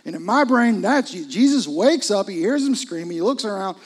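A man delivers a sermon with a husky, breathy voice pitched a little high. His preaching is conversational and intimate, with frequent hushed asides that pull the listener in. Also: animated, moderate pace. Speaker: pastor.

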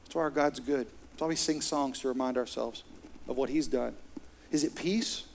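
A man's voice: medium pitch, moderate pace, vocal fry, slight background noise. A middle-aged man, preaching a sermon as pastor in an earnest, conversational way. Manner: earnest, conversational, with soft laughs.

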